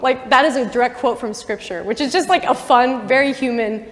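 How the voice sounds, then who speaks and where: A woman's voice: a little high, normal speed. A young woman, a campus missionary, giving a casual Bible teaching talk full of "like" and asides to her listeners, in a university chapel. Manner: chatty, full of "like" and asides to the audience. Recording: long chapel reverb.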